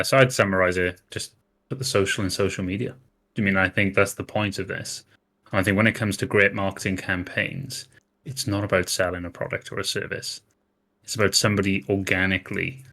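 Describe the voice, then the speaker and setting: Male panel guest with a very low, bright, forceful voice, confident and preachy. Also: fairly even intonation, a little fast. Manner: confident, lecturing, emphatic. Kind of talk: casual panel chat.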